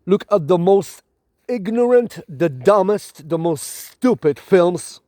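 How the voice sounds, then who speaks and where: A man who hosts a spiritual channel delivers an emphatic, dramatic monologue to camera in a noticeably high, dark-toned voice with a non-native accent. He is animated yet slow, repeating and restarting phrases to press his points. The recording is close and dry, with no room sound.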